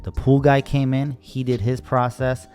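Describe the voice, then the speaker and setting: A man's voice: medium pitch, flat delivery, unhurried, darkish tone, soft background music. A young man, a landscaping contractor, casually telling an exasperating job story in voice-over and acting out the people he quotes. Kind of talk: voice-over narration over timelapse.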